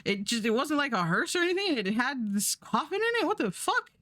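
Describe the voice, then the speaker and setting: A woman's voice: high voice, sing-song, brisk, a bit bright, dry recording. A woman voicing a startled, jittery man stuck in traffic, with flustered, stammering exclamations. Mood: panicked.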